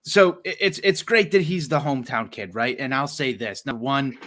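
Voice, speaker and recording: A man's voice: mid-range voice, moderate pace, fairly bright tone. A man co-hosting a sports podcast, ranting passionately and heatedly, swearing freely and restarting his sentences as he goes. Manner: long run-on rants with repeated restarts. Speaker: podcast co-host. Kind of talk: casual sports talk rant.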